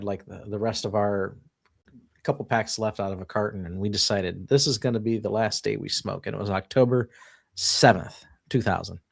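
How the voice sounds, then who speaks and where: A man's voice: on the low side, vocal fry, no room sound, studio quality. A man in casual conversation, telling a personal story animatedly with frequent laughs and restarts.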